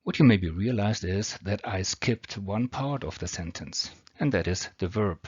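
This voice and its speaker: A non-native English teacher, male, presents grammar slides in a lowish, somewhat mellow voice with a breathy edge and lively intonation. He is unhurried and patient, breaking things down step by step. The dry recording has a dull, homemade lo-fi quality.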